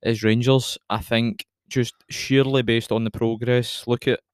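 Chatty young Scottish man, smooth voice. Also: mid-range voice, flat delivery, a little slow, no echo, studio quality. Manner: chatty, laughs a lot, rambling. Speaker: podcast co-host. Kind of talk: casual chat.

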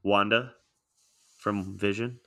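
Male co-host, lowish bright voice, plain matter-of-fact delivery. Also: steady tone, slow, creaky. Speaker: podcast co-host. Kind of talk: casual movie discussion.

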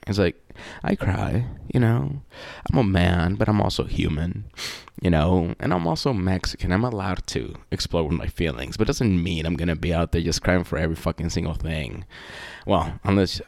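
Casting note: young man with a low, gravelly voice, loose and profane, dry close sound. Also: sing-song, normal speed, dry recording. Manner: profane, joking, lots of fillers. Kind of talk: casual rambling monologue.

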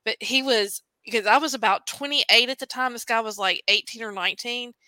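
Woman hosting a podcast on a video call, chatty, bright tone. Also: a little high, a little fast, no room sound, low-quality recording. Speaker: podcast host. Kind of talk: casual interview chat.

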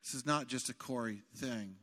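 Emphatic male pastor, booming hall. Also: normal speed. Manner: animated, emphatic, builds to shouts. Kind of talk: sermon. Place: church sanctuary. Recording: long hall reverb.

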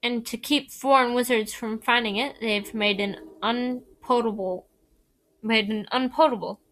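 A woman voicing a bossy know-it-all schoolgirl, brisk and matter-of-fact. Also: on the high side, fairly even intonation, fairly bright tone.

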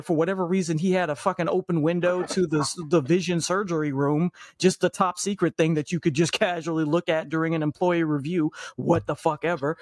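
High-voiced man ranting, dry close sound. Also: no echo. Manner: ranting, profane, animated, jokey mock voices. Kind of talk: casual chat about movies and shows.

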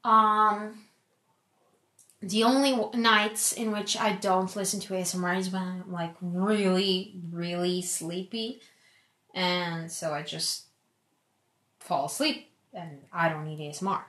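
A woman's voice: on the low side, fairly even intonation, takes it slowly. Chatty young woman in an echoey room. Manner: rambling, chatty, self-described as loud. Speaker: podcast host. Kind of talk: casual solo podcast chat.

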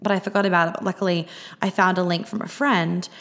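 A woman's voice: lowish voice, steady tone, fast talker, fairly bright tone. A young Australian woman hosting a podcast, telling a rambling story in a casual way, swearing freely and using lots of fillers. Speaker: podcast host.

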